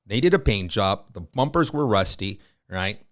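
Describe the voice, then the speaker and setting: This is a podcast interview in which a realtor in his fifties tells stories in a lively, colloquial way, with lots of fillers. His pitch is fairly low and his speed is normal.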